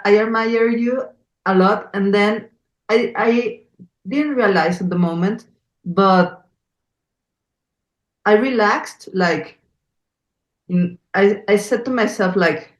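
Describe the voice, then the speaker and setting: A woman's voice: medium pitch, slow, long pauses, fairly bright tone, echoey room, low-quality recording. A woman with a Mexico City Spanish accent hosting a podcast interview, talking in English in an earnest, effusive way with many fillers. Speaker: podcast host. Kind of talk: conversational interview.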